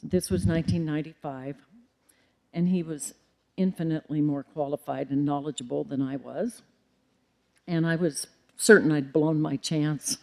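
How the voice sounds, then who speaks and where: This formal public lecture comes from a middle-aged librarian with a deep, creaky, mellow voice and fairly even intonation. She proceeds in a measured way, with occasional ums and self-corrections.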